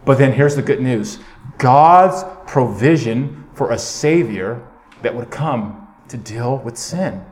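A man preaching a lively sermon in a church, his medium-pitched voice carrying with a roomy echo. He shifts between conversational asides and emphatic points, often checking in with the congregation. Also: slow. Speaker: pastor. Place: church sanctuary.

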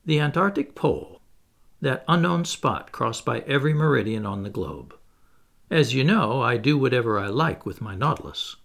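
A man's voice: medium pitch, big pitch swings, moderate pace, vocal fry, fairly bright tone. A man reading the part of a proud, daring submarine captain who speaks coolly and ironically. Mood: confident. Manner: cool, ironic and commanding.

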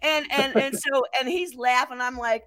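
A woman's voice: high-pitched, normal speed, dry recording. An older woman co-hosting a casual chat show, telling a story with lots of laughter. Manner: animated storyteller, laughs often. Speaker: podcast co-host.

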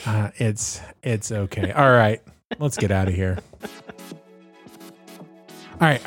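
A man co-hosting a podcast in casual chat, animated and playful, full of jokey asides. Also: lowish voice, slow pace, pauses often, faint music behind. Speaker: podcast co-host.

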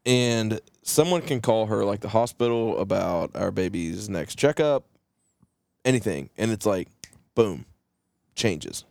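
A man's voice: fairly low pitch, expressive, a little slow, vocal fry, darkish tone, dry recording, clean studio sound. A man from West Virginia with a West Virginian accent, co-hosting a podcast and telling stories in a joking, casual way. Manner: joking, storytelling. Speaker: podcast co-host, English teacher. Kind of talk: casual chat.

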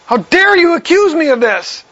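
A man's voice: very high-pitched, big pitch swings, moderate pace, fairly bright tone, pitched above the performer's own voice, exaggerated voice. A man voicing a panicked adult male disciple who protests indignantly and pleads. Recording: slightly dull lo-fi recording.

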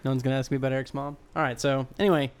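A man's voice: medium pitch, level tone, rapid-fire, clean tone. A man co-hosting a podcast in casual chat, making his points in a wry, articulate way. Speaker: podcast co-host.

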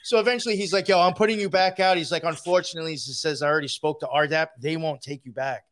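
Male guest, rough-mouthed and rambling, voice sitting a little high. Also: quick pace, fairly bright tone. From New York. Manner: profane, rambling, laughs while telling. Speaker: guest telling a story. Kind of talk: casual storytelling.

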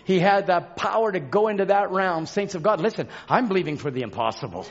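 A man preaching a fervent sermon in a church, shouting and calling out to the congregation. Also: sits high, expressive, fast, lo-fi sound. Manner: shouting, call-and-response exhortation. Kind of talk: fervent Pentecostal-style sermon. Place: church sanctuary.

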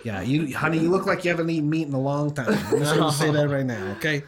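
A man's voice: fairly high pitch, quick pace, over a noisy crowd, lightly acted. A man playing a brash, rambling dating contestant. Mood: teasing. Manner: cheeky, rambling, teasing. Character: brash woman dating contestant, pushy and odd. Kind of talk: improvised dating-show sketch.

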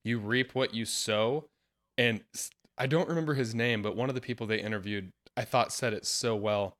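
Male podcast host, earnest and lively in casual discussion, laughs often. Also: medium pitch, brisk. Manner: earnest, laughs often, animated when quoting.

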